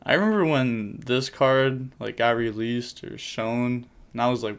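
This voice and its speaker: A young adult man casually commentating card game replays, rattling off plays in quick bursts with jokey asides. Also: medium pitch, gravelly, smooth.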